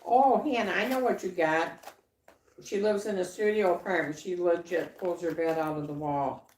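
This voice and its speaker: A woman co-hosting a casual livestream chat, rambling with halting restarts and fillers. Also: fairly low pitch, a little mellow. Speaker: livestream co-host. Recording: echoey room.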